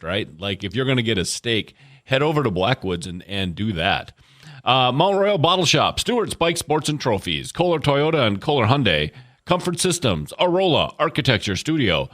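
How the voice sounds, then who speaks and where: A man's voice: medium pitch, fairly bright tone, no echo, studio quality. A man co-hosting a radio show, reading sponsor names in a punchy way and chatting casually. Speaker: radio co-host. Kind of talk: casual sports radio chat.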